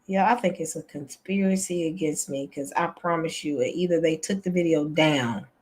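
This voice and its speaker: A woman's voice: low-pitched, moderate pace, slightly rough. A woman, hosting a casual chat for her viewers, exasperated and chatty, calling them y'all. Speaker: channel host.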